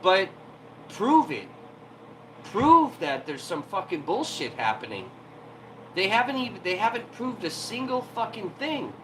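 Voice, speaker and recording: A man's voice: sits high, very animated, a little slow, background noise. A man hosting a livestream from home, ranting heatedly and profanely in an irritated tone. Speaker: livestream host.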